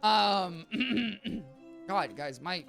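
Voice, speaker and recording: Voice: mid-range voice, animated, very slow, gravelly, fairly bright tone, faint music behind. A game streamer chatting with viewers in a rambling, chatty way while playing, voice a little worn out. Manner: chatty, rambling, addresses chat as guys.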